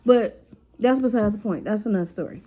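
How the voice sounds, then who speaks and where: A woman's voice: mid-range voice, a little fast, low-quality recording. Casual woman telling a story. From Chicago. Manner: lively, profane, acts out others' lines in voices. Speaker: storyteller vlogger.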